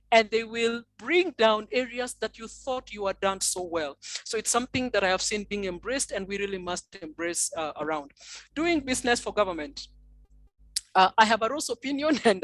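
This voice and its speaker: A woman's voice: fairly high pitch, no echo, poor audio. A woman from Nigeria answering on a conference panel, thoughtful and full of fillers and restarts.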